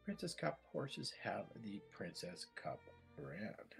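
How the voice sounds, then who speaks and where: A man's voice: mid-range voice, big pitch swings, takes it slowly, vocal fry, breathy edge, soft background music. A man with a Canadian accent, calling bids as an auctioneer in a chatty, repetitive way. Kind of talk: live virtual-world auction calling.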